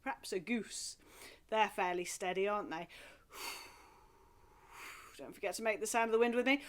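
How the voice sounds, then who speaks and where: A woman leading a remote singing lesson from home, talking in a gentle, encouraging, chatty way with playful asides. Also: medium pitch, normal speed. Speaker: singing group leader. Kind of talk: friendly remote group singing and movement lesson.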